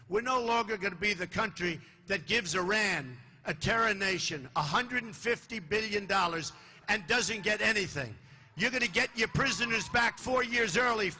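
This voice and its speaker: An older man giving a boastful, repetitive campaign rally speech in a large hall, dropping to low asides and rising to shouts. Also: slight background noise. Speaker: political candidate speaking at a rally. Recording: live hall recording with faint crowd ambience.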